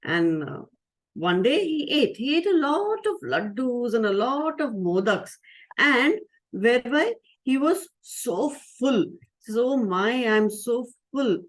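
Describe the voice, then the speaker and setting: A woman who is a spiritual teacher, telling a story to children in a lively way and asking them questions. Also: on the high side, slow pace. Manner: lively, asks the audience questions.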